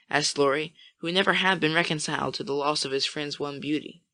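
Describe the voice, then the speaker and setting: An audiobook reader narrating a classic novel in a measured storytelling way. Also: mid-range voice, bright, forceful tone. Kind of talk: scripted narration.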